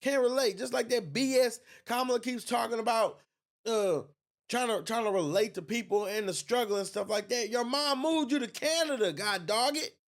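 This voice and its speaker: A man hosting a reaction video, talking in a loud, heated and mocking way. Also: very high-pitched, moderate pace. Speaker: host reacting to a clip. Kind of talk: casual reaction commentary.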